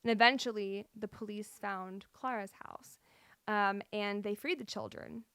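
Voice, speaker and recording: A woman's voice: medium pitch, fairly even intonation, measured pace, a bit bright, smooth, dry recording. A young adult woman hosting a podcast, telling a true-crime story with nervous laughs and apologetic asides. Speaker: podcast host.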